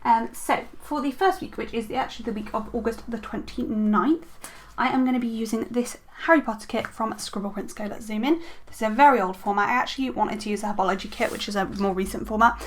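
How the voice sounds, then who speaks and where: A young adult woman chatting casually as a planner vlogger at her desk at home, talking through her stickers with lots of ums and quick self-corrections. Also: on the high side, slight background noise. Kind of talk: casual show-and-tell chat.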